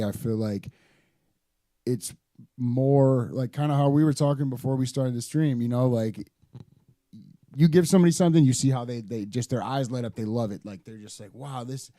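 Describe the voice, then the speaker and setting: Laid-back man with a dark voice. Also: medium pitch, no echo. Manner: laid-back, rambling, lots of fillers. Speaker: guest designer. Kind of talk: casual podcast chat.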